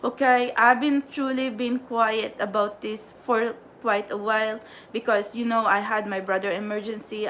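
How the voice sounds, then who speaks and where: A woman's voice: fairly high pitch, fairly bright tone, slight background noise. A woman hosting a tarot livestream, ranting in an exasperated, repetitive, scolding way at her viewers. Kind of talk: frustrated livestream rant.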